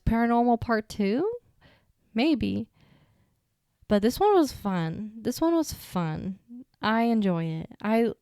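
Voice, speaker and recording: A woman's voice: mid-range voice, darkish tone, clear, resonant tone, dry recording, clean studio sound. A young woman hosting a solo podcast, telling personal stories in a chatty, rambling way full of fillers. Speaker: podcast host. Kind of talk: casual solo podcast storytelling.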